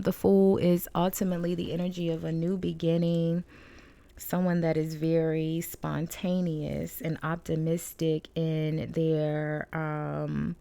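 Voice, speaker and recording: A woman with a low, gravelly voice gives a casual tarot reading from home. She talks in a chatty, rambling way, laughing now and then as she works through the cards. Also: dark tone, no room sound. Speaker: tarot reader. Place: home room with balcony door shut.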